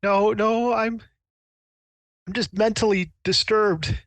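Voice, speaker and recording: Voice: medium pitch, fairly even intonation, takes it slowly, no echo, voice pushed up. A game master voicing a frightened young man who stammers and pleads in a panic. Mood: anxious. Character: frightened young man, a mine owner's party-loving son.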